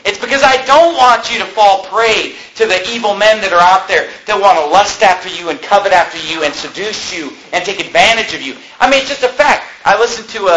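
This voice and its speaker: A man's voice: sits high, bright, forceful tone, a little hiss or hum. A man preaching a sermon as pastor, fervent and emphatic, hammering points home by repeating them. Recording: roomy echo.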